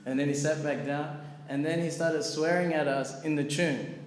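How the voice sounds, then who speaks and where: A man casually telling a story at a scripture class. He is animated, fills his talk with "like" and "you know", and acts out the people in his story. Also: a little high, moderate pace. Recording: echoey hall with long reverb and faint ambient noise.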